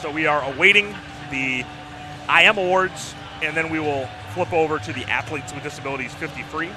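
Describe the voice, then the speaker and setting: High-voiced male swim announcer reading times. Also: fairly quick. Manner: reads times and results, hesitant with fillers and repeats. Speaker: play-by-play announcer. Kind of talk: live swim meet commentary. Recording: loud crowd noise with music.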